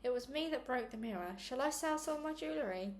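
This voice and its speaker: A small-voiced young girl, anxious and unhappy, pleading with her mother in a storybook reading, as a woman puts her on. The voice sits fairly high, with a faint hiss behind it. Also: animated, fast. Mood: worried.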